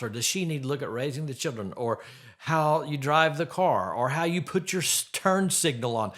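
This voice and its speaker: Earnest middle-aged man giving advice. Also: mid-range voice. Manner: earnest, asks the listener direct questions. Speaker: podcast host giving relationship advice. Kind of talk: faith-based advice talk.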